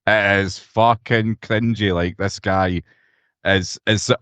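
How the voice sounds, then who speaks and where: A man's voice: fairly low pitch, steady tone, slow pace, a bit bright, dry recording. A young Scottish man co-hosting a casual podcast chat, blunt and sweary, ranting with animation over a video call. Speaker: podcast co-host.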